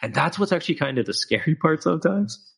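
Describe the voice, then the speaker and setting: A man's voice: fairly high pitch, expressive, fast talker, gravelly, husky. A man co-hosting a podcast, ranting with emphatic, profane opinions and frequent filler words. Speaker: podcast co-host. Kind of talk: casual podcast chat.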